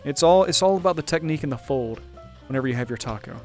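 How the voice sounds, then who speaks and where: A man's voice: on the high side, expressive, fast talker, faint music behind. A man hosting a gaming channel, giving upbeat, jokey running commentary while he plays. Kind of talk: casual gameplay commentary.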